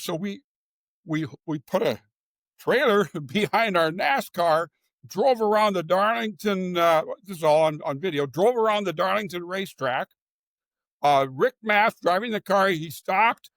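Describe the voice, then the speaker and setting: An older man with a fairly high voice tells stories in a casual interview, often backing up to restart a sentence. The sound is dry and close, with no room echo. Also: a bit bright. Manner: storytelling with frequent restarts. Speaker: guest, former executive. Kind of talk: conversational interview.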